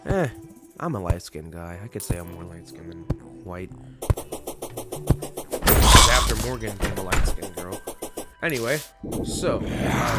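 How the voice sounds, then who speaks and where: A teenage guy hosts his gaming channel and rambles through a story between bursts of laughter and cursing. His pitch bounces around in an animated way. Loud game music plays behind his voice the whole time. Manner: rambling, laughing, swears freely. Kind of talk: casual storytelling over gameplay.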